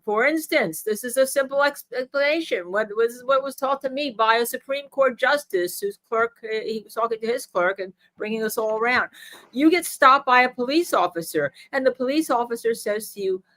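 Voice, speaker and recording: A woman lawyer with a rather high voice co-hosts a live legal show. She explains court procedure in an animated, instructive way and coaches her partner on how to say things. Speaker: co-host and lawyer. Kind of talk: live legal analysis chat.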